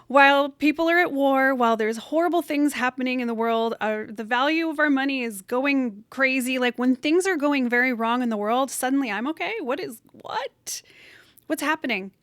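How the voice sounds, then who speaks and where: A woman's voice: sits high, a little fast, hardly any pauses, a bit bright, no echo, clean studio sound. A woman hosting a solo motivational podcast from her bedroom, talking in an earnest, encouraging, emphatic way. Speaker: podcast host. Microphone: camera set up in room.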